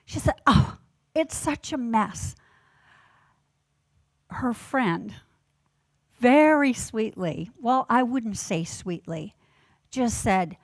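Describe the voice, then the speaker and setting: A woman minister delivers a sermon in a slightly higher voice, unhurried and deliberate. She tells gentle stories and leans on key words with measured emphasis. The sound is dry and close. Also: no echo.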